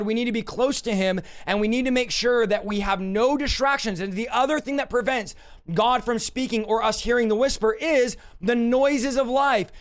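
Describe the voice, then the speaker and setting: Man, high voice, young, emphatic sermon preacher, direct address. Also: fairly bright tone. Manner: emphatic, direct, addresses listeners as "you guys".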